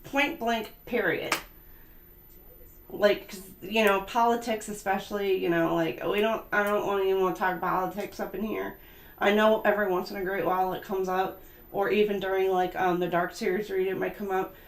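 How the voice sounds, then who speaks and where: A woman's voice: medium pitch, fairly even intonation, normal speed, gravelly. Chatty, blunt tarot reader woman. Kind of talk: livestream tarot reading. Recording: echoey room with music behind. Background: background music.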